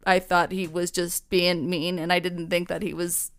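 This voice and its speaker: Young woman, podcast co-host, smooth voice; casual swearing storyteller who acts out quotes. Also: on the low side, level tone, moderate pace, fairly bright tone. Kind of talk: casual chat.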